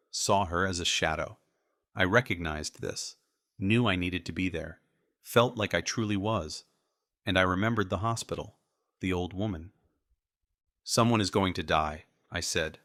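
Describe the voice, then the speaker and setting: A man narrating an audiobook in the first person with measured, even storytelling. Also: sits low, no room sound, clean studio sound.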